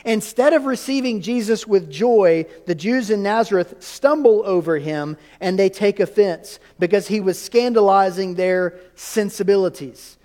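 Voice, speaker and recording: A male pastor with a high voice delivers a teaching sermon, tossing questions to his congregation and answering them himself. His words ring out with the long reverb of a church sanctuary. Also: unhurried, few pauses, a little mellow.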